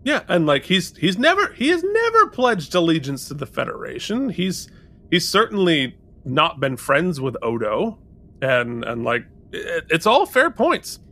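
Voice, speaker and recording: This man's voice runs on the high side and he never hurries. Co-hosting a podcast, he casually reviews a television episode, animatedly recapping scenes and quoting dialogue.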